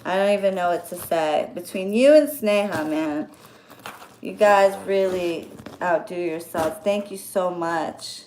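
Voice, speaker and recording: Slow-talking effusive woman. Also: on the low side, darkish tone, a little hiss or hum. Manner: effusive, grateful, gushing. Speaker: vlogger opening birthday gifts. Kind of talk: casual chat to viewers.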